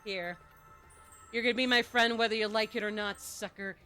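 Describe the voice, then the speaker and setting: A woman's voice: mid-range voice, fairly even intonation, moderate pace, sharp tone, faint music behind. A woman streaming a video game in casual, playful chat, who slips into baby talk when she talks to her dog.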